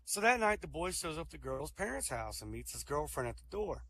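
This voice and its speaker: Animated man telling jokes. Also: fairly high pitch, fairly quick, a little hiss or hum. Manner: animated storyteller, acts out quoted lines. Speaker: comedian. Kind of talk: joke telling at an online comedy show.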